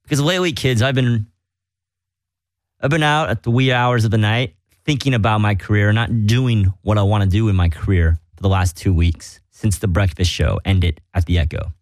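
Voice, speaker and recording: A man's voice: fairly low pitch, normal speed, dry recording. A man hosting a casual comedic podcast from a small studio, rambling and self-mocking. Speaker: podcast host. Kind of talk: casual comedic radio chat.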